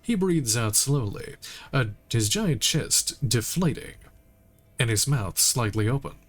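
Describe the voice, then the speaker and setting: Slow, relaxed male streamer. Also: medium pitch. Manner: relaxed, reads lines aloud with occasional asides. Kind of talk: reading game text aloud while playing. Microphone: streaming mic.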